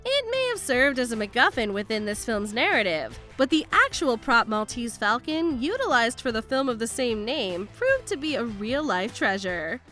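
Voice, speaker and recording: Lively high-voiced woman narrator. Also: moderate pace, few pauses, over loud music. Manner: upbeat, emphatic voice-over. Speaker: countdown narrator. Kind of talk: scripted narration.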